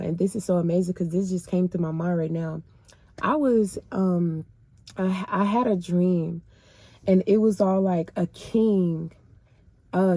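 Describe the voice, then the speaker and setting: A woman recounts her faith journey in an emotional, colloquial way, calling her listeners "y'all". Her voice sits fairly low, and the recording is dry and close, with no room sound. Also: warm tone, dry recording. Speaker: person sharing her faith testimony. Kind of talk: casual personal storytelling.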